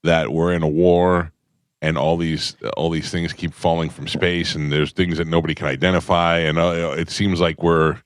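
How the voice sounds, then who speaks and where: Deep-voiced man hosting morning radio. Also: level tone, moderate pace, clean tone, no room sound. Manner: rambling storyteller, acts out quoted voices. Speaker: radio show host. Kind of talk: casual morning radio chat. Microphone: studio microphone.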